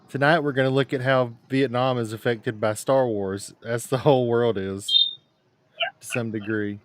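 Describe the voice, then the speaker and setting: A man's voice: mid-range voice, steady tone, a little slow, long pauses, no room sound. A man hosting a casual livestream, bantering with dry jokes and rambling asides. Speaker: livestream host. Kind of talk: casual chat.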